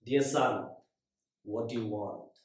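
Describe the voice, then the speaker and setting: God speaking, calm and all-powerful, as a preacher puts Him on, dropped deep and quiet, every word slow and measured. The voice rings in a very echoey room. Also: male voice, far from the mic, lightly acted. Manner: low, soft and measured.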